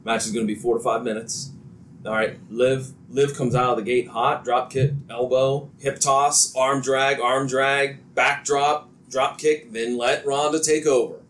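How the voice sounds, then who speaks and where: A man from Central Ohio hosting a casual wrestling podcast, animated with quick asides and frequent laughs. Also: mid-range voice, a little hiss or hum. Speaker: podcast host.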